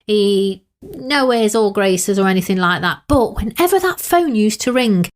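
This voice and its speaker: A woman's voice: medium pitch, expressive, a little slow. A woman from England co-hosting a podcast, telling stories in a chatty, casual way. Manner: chatty, storytelling. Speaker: podcast co-host. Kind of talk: casual chat.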